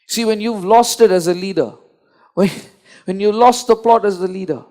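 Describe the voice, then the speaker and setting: A man's voice: high voice, a little mellow. A man preaching a sermon, emphatic and repetitive, often restarting his sentences.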